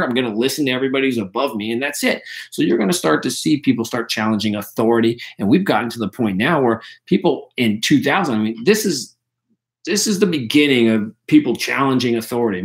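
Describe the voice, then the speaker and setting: A male history teacher running a casual review session, talking loosely with many fillers, and losing his voice. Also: medium pitch. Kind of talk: live online review session.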